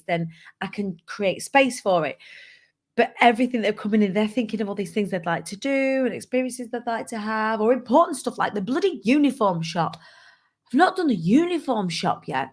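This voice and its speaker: A woman's voice: medium pitch, animated, normal speed. A woman, a business owner and mum, talking candidly and rambling a little to her online community. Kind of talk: casual to-camera talk.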